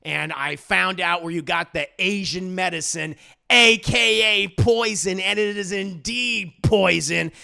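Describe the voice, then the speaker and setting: A man voicing JoJo, a stern young man who makes a slow, grave accusation. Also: sits high, vocal fry, bright, forceful tone, heavily acted.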